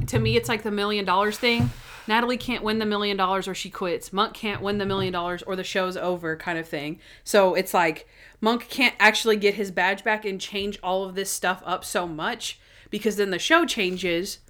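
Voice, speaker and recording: A woman's voice: mid-range voice, steady tone, normal speed, a bit bright. A young woman co-hosting a casual chat, recapping episodes in a chatty way. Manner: chatty, acts out scenes in voices.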